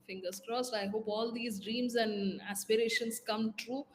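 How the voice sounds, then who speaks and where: A woman hosting an interview, asking questions in a polite, measured way. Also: a little high, steady tone, slight background noise. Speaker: interview host.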